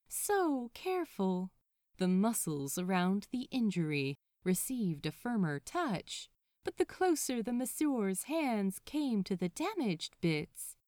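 Woman reader, slow and very melodic, close and dry sound. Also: a little high, dry recording. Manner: slow, soft, expressive storytelling. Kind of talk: fan fiction reading.

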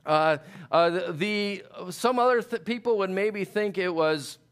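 A man preaching a sermon in a conversational, halting way, with many fillers and restarts. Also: high voice, clean tone. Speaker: pastor.

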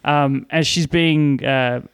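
A man's voice: fairly high pitch, slow pace, vocal fry, clean tone. A man recapping a movie in casual chat, joking and swearing as he goes. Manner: profane, joking, animated recounting. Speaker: podcast co-host.

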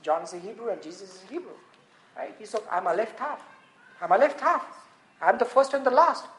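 A woman preaching a sermon, animated and laughing often, sometimes rising to shouts. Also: fairly high pitch, fairly quick, roomy sound.

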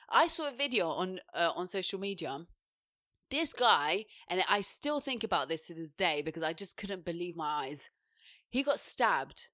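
A young woman co-hosting a podcast, telling animated stories and acting out what people said in casual chat. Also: lowish voice, no echo, clean studio sound. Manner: animated storyteller, acts out quotes loudly. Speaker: podcast co-host.

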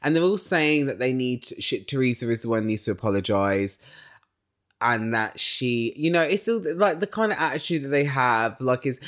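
A man's voice: medium pitch, animated, moderate pace, a bit bright. A young man hosting a podcast, chatting casually and bluntly, often acting out quotes in his recap. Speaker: podcast host. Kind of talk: casual opinionated recap chat.

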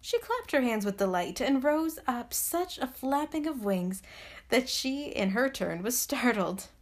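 A woman from Canada hosting a podcast, reading a story aloud in a gentle, soothing, measured way. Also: on the high side, big pitch swings. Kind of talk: bedtime story narration.

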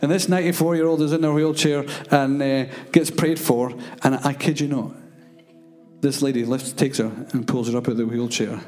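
A man preaching in a church service, telling animated, rambling stories with many fillers. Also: mid-range voice, normal speed, soft background music. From Scotland. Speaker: guest preacher. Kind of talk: sermon storytelling.

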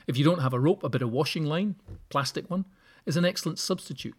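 A man hosting a solo podcast, giving practical tips with wry, joking asides. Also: medium pitch. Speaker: podcast host. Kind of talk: solo podcast advice talk.

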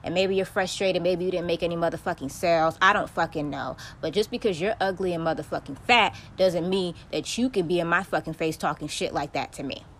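Young woman, podcast host, lowish voice, casual profane rant, blunt storyteller. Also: fairly quick, few pauses, slight background noise. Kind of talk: casual ranting monologue.

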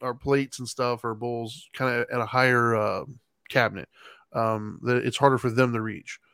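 In a smooth, mid-range voice at a moderate pace, a middle-aged co-host recounts a story during a relaxed podcast chat. Animated and laughing throughout, he voices his kids' lines, and the recording is dry.

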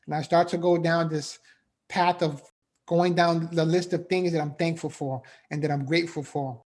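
Man with a slightly higher voice, earnest, emotional faith-based motivational speaker. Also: steady tone, normal speed, a little mellow. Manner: earnest, repetitive, emphatic, frequent "right?".

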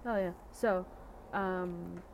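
A woman from the Philippines chats loosely on a podcast, her voice sitting a little low for a woman. She peppers her talk with "like" and restarts her sentences as she goes. A faint background noise runs under her. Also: fairly even intonation, very slow, creaky, a little mellow. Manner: chatty, lots of "like" and restarts. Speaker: podcast co-host. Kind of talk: casual chat.

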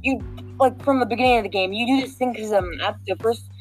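A woman talks through a game mission in easy, meandering chat. Her voice sits fairly high, and she keeps restarting and filling gaps with "like" and "um". Faint music plays under her. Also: quick pace, poor audio. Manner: rambling, full of fillers and restarts. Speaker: game walkthrough guide. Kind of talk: casual walkthrough chat.

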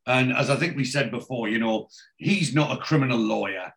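A man casually retelling a TV episode as a podcast host, animated and full of voices. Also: mid-range voice, fairly quick, gravelly. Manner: animated storyteller, doing voices.

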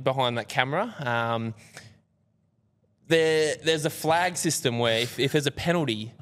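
A young man telling a self-mocking story as a podcast guest, animated and joking. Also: medium pitch, in a large hall. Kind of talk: casual storytelling. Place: podcast studio.

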